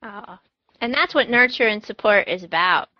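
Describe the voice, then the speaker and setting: A woman's voice: medium pitch, lively intonation, moderate pace, dry recording, muffled recording. Playful, chatty female podcast host. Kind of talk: casual chat.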